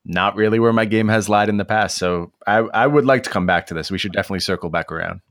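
A man hosting a casual podcast chat, relaxed and musing, a little self-mocking. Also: fairly low pitch, fast. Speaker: podcast host.

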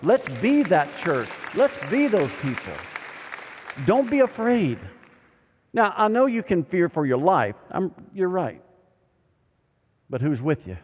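An older man preaching a sermon as pastor, animated and then dropping to quiet emphasis. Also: high-pitched, takes it slowly, long pauses, a faint crowd, slight background noise. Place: church sanctuary. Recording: long reverb of a large hall.

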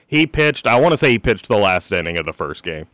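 A man's voice: fairly low pitch, fairly quick, no room sound. A man co-hosting a sports radio show, chatting casually and laughing often. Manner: laughs often, lively intonation. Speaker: radio co-host.

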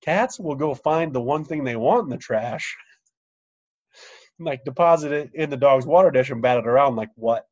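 Brief: male co-host, mid-pitched, joking and profane, dull lo-fi sound. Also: animated, normal speed, a little mellow. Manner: joking, profane, laughs through stories. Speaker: podcast co-host. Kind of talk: casual chat. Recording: dull lo-fi audio.

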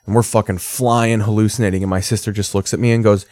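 Guy in his 30s rambling sardonic stories, lowish voice, dead dry sound. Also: steady tone, quick pace, hardly any pauses, a little mellow, dry recording. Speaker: streamer reacting to TV. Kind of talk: casual profane commentary.

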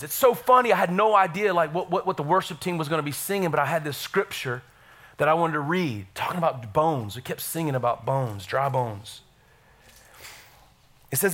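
A middle-aged man preaching a sermon in a church, energetic and calling out to the congregation. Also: medium pitch, moderate pace. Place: church sanctuary.

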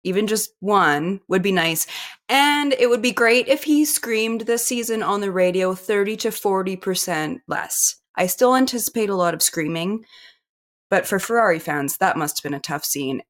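Chatty female sports podcast co-host. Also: medium pitch. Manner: animated, laughs often. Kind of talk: casual sports chat.

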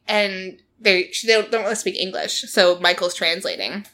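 Podcast host, woman, bright and clear tone, animated storyteller who laughs easily and fills with "like". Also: mid-range voice, normal speed, slight background noise. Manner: animated storytelling, laughs often, many "like" fillers. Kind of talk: casual chat recapping a reality show.

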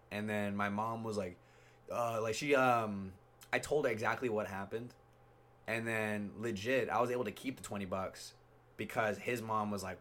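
A man's voice: lowish voice, fairly bright tone. A young man hosting a podcast, telling stories in a laid-back, slangy way and laughing often. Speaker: podcast host. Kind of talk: casual chat.

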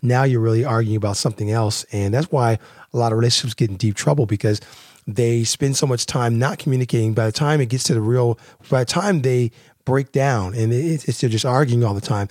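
A man's voice: mid-range voice, a little fast, darkish tone, dry recording, clean studio sound. A man hosting a casual talk on relationships, speaking in a rambling, conversational way with lots of fillers and restarts. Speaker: podcast host.

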